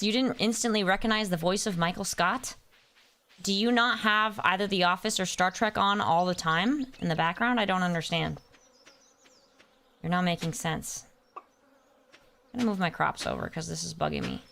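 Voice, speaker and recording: A young woman chats casually on a gaming stream, getting distracted and responding to her chat by name while playfully humming nonsense. She has a fairly low, bright, forceful voice with vocal fry, speaking at a normal speed with long pauses.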